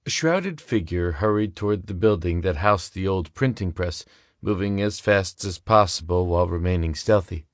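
A man giving steady, measured scripted narration of a story. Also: deep voice, no room sound, studio quality. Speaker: audiobook narrator.

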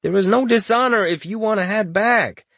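A man's voice: a little high, big pitch swings, unhurried, a bit bright, husky, no echo, voice pushed up, exaggerated voice. A man doing a smugly condescending young lord. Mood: mock-soothing. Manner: oily, condescending. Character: scheming young male lord, mock-sympathetic and teasing.

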